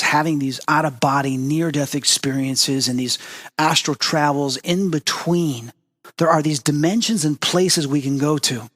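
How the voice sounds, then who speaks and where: A man hosting a spiritual talk show, telling personal stories in an earnest, animated way and acting out the dialogue. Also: mid-range voice, big-room sound. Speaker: host. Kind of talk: personal storytelling monologue.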